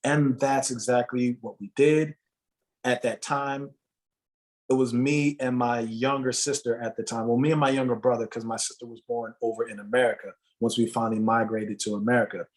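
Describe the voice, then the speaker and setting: A man's voice: medium pitch, level tone, moderate pace. A man from Jamaica, a musician giving an interview, tells his story in an earnest, motivational way and repeats phrases for emphasis. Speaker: guest, musician and motivational speaker.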